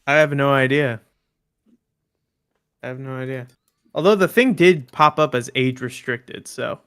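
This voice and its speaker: A man with a bright, crisp voice chats casually on a podcast, spinning a story and chuckling as he teases his friends. His tone is lively and easy. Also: mid-range voice, measured pace. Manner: laughing storyteller, teasing. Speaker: podcast co-host. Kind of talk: casual chat among friends.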